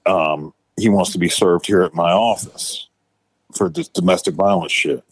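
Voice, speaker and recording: A man's voice: low voice, steady tone, normal speed, no echo. A man, a former tow truck driver, telling a rambling, profane story full of fillers and restarts. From Florida Panhandle, US. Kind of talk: casual storytelling.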